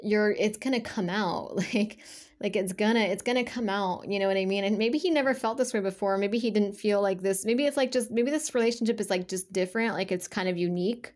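A woman's voice: medium pitch, brisk, a little mellow. A woman giving a casual spiritual energy reading to her viewers. She rambles, leans heavily on fillers and talks bluntly, with swearing. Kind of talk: casual spoken reading to camera.

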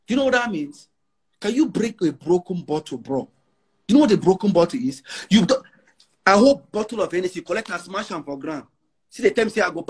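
Here a Nigerian musician guest, an Igbo man near forty, talks in a casual interview with a Nigerian Pidgin English accent. His husky voice sits high and has a sing-song quality at a normal speed, and he's brash and emphatic, repeating lines to drive them home.

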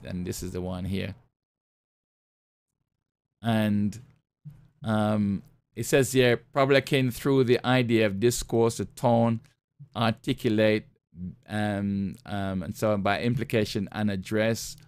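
A man's voice: fairly low pitch, dry recording. A man pastor preaching a sermon, reading scripture aloud and asking the listeners rhetorical questions.

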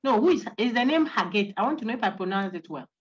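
A woman giving an animated philosophy lecture on a video call, asking her class rhetorical questions. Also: medium pitch, fast, slightly rough. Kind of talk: online university lecture. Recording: lo-fi online call audio.

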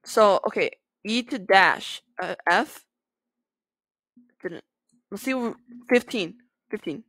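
A woman's voice: medium pitch, measured pace, pauses often, fairly bright tone, no room sound. Giggly young woman gaming commentator. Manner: giggly, bubbly, talks to viewers. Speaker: gaming video creator. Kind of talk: casual gameplay commentary.

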